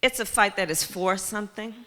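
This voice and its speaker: A woman's voice: mid-range voice, brisk, bright, forceful tone. A woman political candidate giving a campaign speech, rhetorical and repeating key phrases. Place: large community center hall before a crowd. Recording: reverberant hall with faint crowd.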